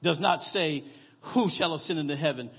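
A man preaching a sermon, slowly reading scripture aloud and calling out to his congregation for answers. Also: a little high, creaky, sharp tone, breathy edge, long reverb tail.

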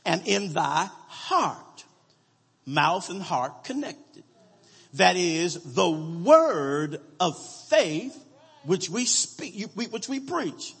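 A man preaching a sermon, slowly reading scripture aloud and calling out to his congregation for answers. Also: sits high, vocal fry, a bit bright, breathy edge, in a large hall.

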